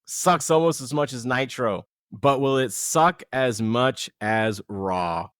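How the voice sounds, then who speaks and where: A man co-hosting a casual podcast, excitable and joking, swearing freely. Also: medium pitch, slow, clear, resonant tone, no room sound, clean studio sound. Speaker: podcast co-host. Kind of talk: casual chat.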